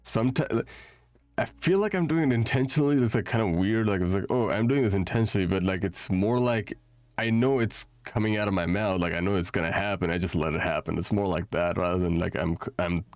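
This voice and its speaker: A man's voice: low-pitched, brisk, a little mellow, dry recording. A young man chatting casually out of character after a tabletop roleplay session, rambling with many fillers and restarts and laughing often. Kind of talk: casual out-of-character chat on a stream.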